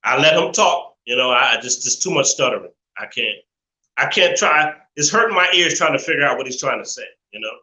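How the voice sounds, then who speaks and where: A man's voice: medium pitch, animated, a little fast, sharp tone, echoey room, rough recording. A man hosting a live call-in stream, talking in an opinionated, preachy way and laughing often as he reads chat messages. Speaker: live show host.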